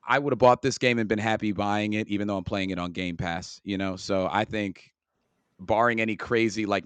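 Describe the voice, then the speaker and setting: A podcast co-host with a low voice chats casually on a gaming show, rambling, restarting sentences, correcting himself, and stumbling over words. The recording is dry and close, with no room sound.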